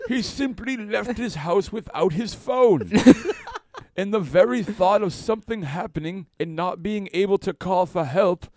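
Brief: pompous elderly newsman, put on by a man, slow, lilting delivery, dry sound. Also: high-pitched, a little mellow, dry recording, voice pushed up. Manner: slow, drawn-out newscaster cadence. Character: elderly male TV news anchor, pompous. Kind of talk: comedic improv news parody.

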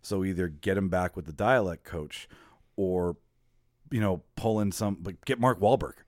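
A man with a deep, low voice hosts a casual movie debate podcast. He presses the others with pointed questions and calls himself a snob about films. The sound is close and dry, with no room around it. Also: moderate pace, a little mellow, dry recording. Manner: pushy, questioning, self-described movie snob. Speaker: podcast host.

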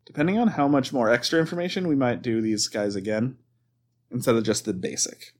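A man's voice: mid-range voice, fairly quick, darkish tone. A man hosting a casual podcast, reading items from a list aloud with frequent laughs and stumbles. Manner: swears and laughs at his own mistakes. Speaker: podcast host reading cryptid lore.

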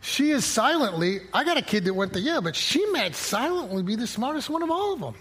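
A man's voice: very high voice, sing-song, a little fast, fairly bright tone, husky. A middle-aged man preaching a conversational sermon, quoting scripture and acting out little dialogues. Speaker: pastor.

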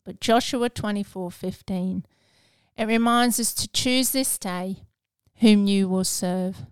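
Woman, devotional podcast host, earnest, encouraging, smooth clear voice, dry close sound. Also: mid-range voice, slow, no room sound. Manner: earnest, encouraging, softening to a hush.

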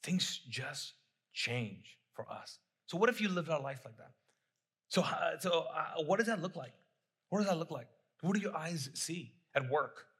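A man's voice: on the high side, lively intonation, measured pace, fairly bright tone, husky. A middle-aged man preaching a sermon as pastor, talking conversationally, repeating phrases and putting questions to the congregation.

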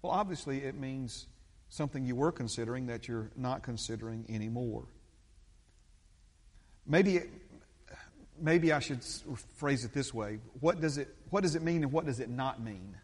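A middle-aged pastor delivering an emphatic sermon, his voice swinging from hushed to loud. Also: moderate pace. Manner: emphatic preaching with big swings in pitch and loudness. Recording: long church reverb.

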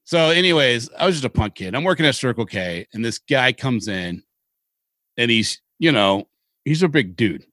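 A man's voice: mid-range voice, moderate pace, no room sound. Middle-aged man from Seattle, rambling anecdotes. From Seattle, Washington. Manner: rambling, animated anecdotes with casual swearing. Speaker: podcast co-host. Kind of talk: casual storytelling chat.

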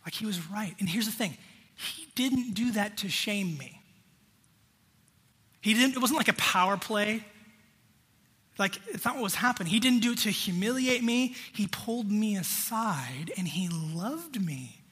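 Preaching in a hall with long, ringing reverb, a man with a bright, high, somewhat husky voice talks a little slowly, his intonation lively. This pastor addresses the congregation in a direct, conversational manner.

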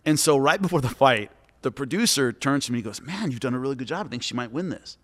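A man's voice: medium pitch, fast. A middle-aged man, a former fighter, chatting on a podcast and telling stories animatedly, acting out the people he quotes. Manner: animated storyteller, acts out quotes. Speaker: former MMA fighter and commentator, guest. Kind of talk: casual podcast chat. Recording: long echoey reverb.

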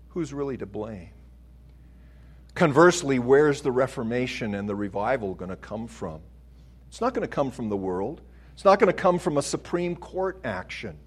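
A middle-aged man preaching a sermon, slow and deliberate, building to emphatic swells. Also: medium pitch, a little mellow.

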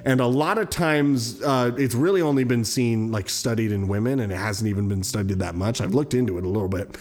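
A man hosting a casual true-crime podcast, telling the case and then giving his opinion in a loose, animated way with swearing. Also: brisk. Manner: animated, swearing, jumps into high mocking voices. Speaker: podcast host.

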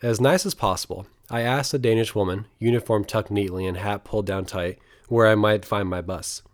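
A young man with a fairly low voice reads his own travel memoir aloud. He tells it in an earnest, reflective way. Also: brisk. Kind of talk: memoir narration read aloud.

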